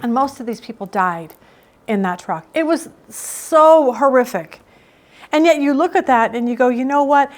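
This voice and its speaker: A woman's voice: on the high side, expressive, moderate pace. A middle-aged woman teaching a Bible study in a casual, emphatic, storytelling way.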